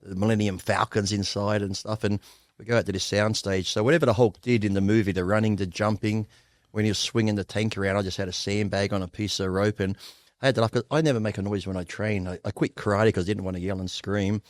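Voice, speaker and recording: A middle-aged Australian man telling rapid, profane stories as a guest on a podcast, acting out the voices of the people he quotes. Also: on the low side, fairly even intonation, no room sound, studio quality. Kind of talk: casual storytelling interview.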